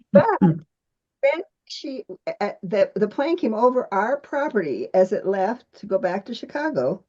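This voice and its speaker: A woman with a mellow, darker tone asks a question on a call, wandering through her story with small giggles. The sound is dull and lo-fi. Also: mid-range voice, big pitch swings, slow pace. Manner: rambling, giggling between thoughts. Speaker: caller with a question. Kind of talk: casual chat.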